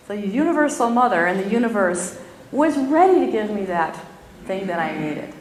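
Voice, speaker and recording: A middle-aged woman giving a gentle, expressive spiritual talk to a live audience. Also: mid-range voice, brisk. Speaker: spiritual teacher. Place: spiritual community hall. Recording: echoey hall, faint room noise.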